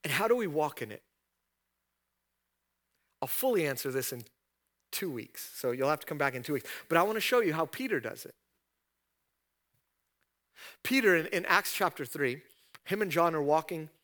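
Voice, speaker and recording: A man preaching a sermon in a bright, forceful voice that sits a little high. He retells scripture scenes like stories and drives his points home with emphatic repeated questions. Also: lively intonation, moderate pace, long pauses. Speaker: pastor.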